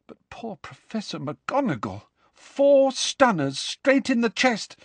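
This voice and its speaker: A man's voice: very high voice, big pitch swings, takes it slowly, no echo, pitched above the performer's own voice, full character voice. A man voicing an anxious, earnest teenage schoolgirl witch who speaks shakily, as if near tears. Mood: shaky. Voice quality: shaky, tearful.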